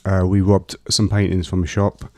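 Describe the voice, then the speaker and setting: Deep, flat-voiced man recounting his past. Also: no echo, clean studio sound. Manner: halting, many fillers and restarts. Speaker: guest. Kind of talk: personal storytelling in an interview.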